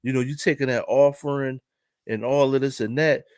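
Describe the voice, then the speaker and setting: A man's voice: medium pitch, fairly even intonation, moderate pace, a little mellow, clean tone, no room sound, studio quality. A man with a Philadelphia accent telling a casual, rambling story, often repeating himself and checking in with the listener. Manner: loose, repetitive, keeps asking "right?". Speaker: vlogger.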